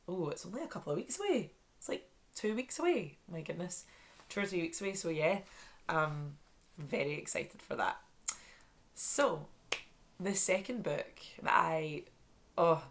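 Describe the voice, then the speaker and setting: A young Scottish woman with a Glasgow accent talks to her viewers in a low, slightly croaky voice, stuffy from a mild cold. She chats quickly and eagerly, sprinkling in plenty of "like" and "literally". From Scotland. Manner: chatty and excitable, many "like"s and "literally"s. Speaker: book vlogger. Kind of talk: casual chat.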